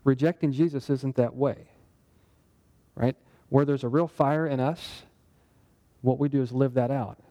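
A man's voice: mid-range voice, fairly even intonation, measured pace, dark tone, highs cut off. A man teaching a Bible lesson in a conversational sermon style, often putting questions to his listeners. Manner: conversational, asks the group questions. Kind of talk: interactive sermon.

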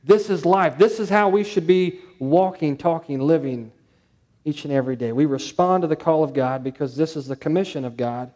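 A man's voice: on the high side, normal speed, darkish tone. A male pastor preaching a sermon, stressing points through repetition and rhetorical questions.

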